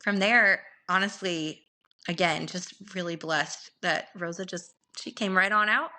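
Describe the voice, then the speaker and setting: Bright, animated woman telling a story. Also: lowish voice, a little slow. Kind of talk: casual podcast storytelling.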